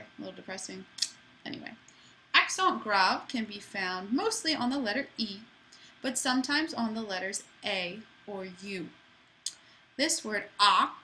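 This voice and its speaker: A woman's voice: medium pitch, pushed and bright, slight background noise, rough recording. A woman teaching a French lesson to students in a chatty way, with playful asides. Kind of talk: classroom lesson.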